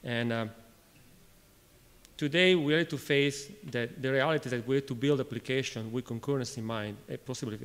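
A man's voice: mid-range voice, clear, resonant tone. Italian-accented man speaking in a hall. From Italy. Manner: halting, frequent restarts and fillers, asks the audience questions. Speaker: conference speaker. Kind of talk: technical conference talk. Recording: reverberant lecture hall.

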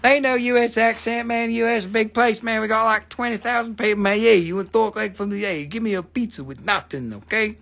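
A man's voice: high-pitched, steady tone, a little fast, creaky, hardly any pauses, fairly bright tone, pitched above the performer's own voice. A man putting on a brash street-talking guy. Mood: mocking. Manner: mocking, swaggering, tacks "man" onto lines.

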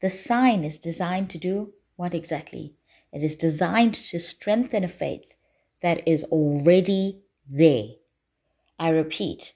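A woman preaching a sermon in a church, deliberate and emphatic, repeating key phrases for weight. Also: fairly low pitch, warm tone.

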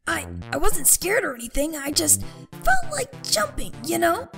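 A woman voicing a lovesick young monster kid who blusters and protests quickly. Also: extremely high pitch, very animated, full character voice. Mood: excitable. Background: music.

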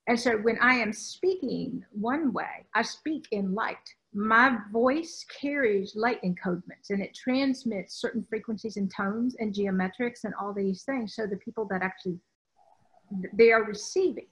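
Her voice is a little high with a fairly bright tone and a moderate pace, heard on a rough recording. She's a Southern US spiritual teacher talking spiritual matters in conversation, speaking with emphasis, rambling, and frequently starting her sentences over.

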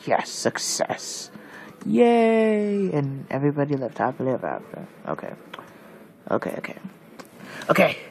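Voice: medium pitch, very animated, normal speed, gravelly, pauses often, slight background noise. A gamer giving casual let's-play commentary, jumpy and shrieking at monsters while muttering asides in between. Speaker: gameplay commentator.

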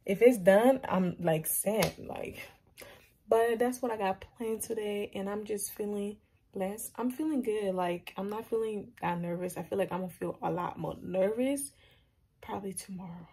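A young woman in her late teens vlogging at home in casual, chatty, upbeat talk full of slang, now and then dropping into soft whispery asides. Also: mid-range voice, moderate pace, slightly rough, low-quality recording. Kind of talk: casual vlog chat to camera.

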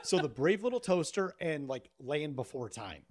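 Podcast host, man in his thirties; animated, profane storyteller. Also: fairly high pitch, moderate pace. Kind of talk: casual podcast banter.

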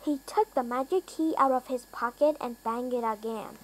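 A woman reading a children's storybook aloud, careful and deliberate. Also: high-pitched, darkish tone, a little hiss or hum, low-quality recording. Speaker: reader.

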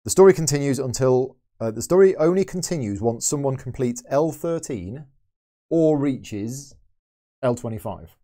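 A man's voice: mid-range voice, animated, normal speed, warm tone. A man hosting a board game channel, thinking aloud as he plays through a solo game and explains each move. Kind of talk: solo game playthrough commentary.

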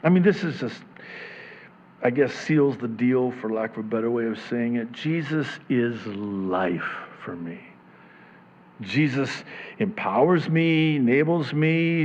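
A man preaching a sermon as a pastor, swinging from hushed near-whispers to loud, impassioned preaching. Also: medium pitch, a little slow, muffled recording.

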